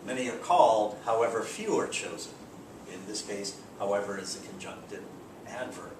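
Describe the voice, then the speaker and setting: A man teaching a grammar lecture in a relaxed way, reading out example sentences. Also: normal speed. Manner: relaxed, explains with spoken examples and fillers. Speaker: English teacher. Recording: echoey room, distant mic, background rumble.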